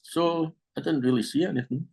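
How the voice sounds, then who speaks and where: A man's voice: a little high, fairly quick, gravelly, breathy edge, rough recording. Chatty man in his seventies. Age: 70s. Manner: chatty, animated anecdotes with quoted voices. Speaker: interview guest. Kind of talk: casual storytelling.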